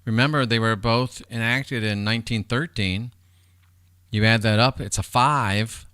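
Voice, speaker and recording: A man's voice: mid-range voice, unhurried, pushed and bright, clear, resonant tone, no room sound, studio quality. A man hosting a livestream, rambling casually and with profanity as he talks straight to his chat viewers. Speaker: livestream host.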